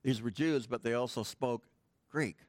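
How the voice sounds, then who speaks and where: A man's voice: medium pitch, moderate pace, no room sound. A middle-aged man preaching a sermon in church, teaching a Greek grammar point with casual, joking asides to the congregation. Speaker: pastor. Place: church sanctuary.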